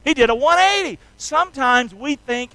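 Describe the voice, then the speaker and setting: High-voiced, energetic preaching man. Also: moderate pace, no echo, poor audio. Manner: energetic call-and-response with the congregation; folksy, emphatic preaching. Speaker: pastor. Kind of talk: sermon.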